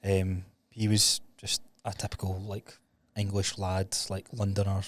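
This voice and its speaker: A man's voice: deep voice, completely flat delivery, unhurried. A young Scottish man, a podcast guest, chatting casually and swearing easily. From Scotland. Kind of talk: casual chat.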